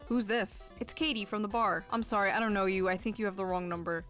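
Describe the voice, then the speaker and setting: A woman's voice: medium pitch, moderate pace, fairly bright tone, soft background music. A woman reading out text messages and commenting on them with a dry, sarcastic delivery. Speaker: reaction video creator.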